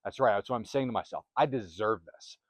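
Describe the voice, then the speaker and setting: A man's voice: lowish voice, quick pace, no echo. A man hosting a self-help channel, giving a motivational talk to camera in emphatic, repetitive, punchy phrases on a close microphone.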